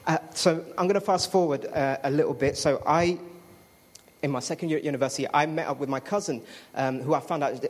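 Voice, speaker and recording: A man's voice: fairly high pitch, a little fast. A man giving a chatty personal testimony to a congregation, with fillers and restarts. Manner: chatty storytelling with fillers and self-interrupting apologies.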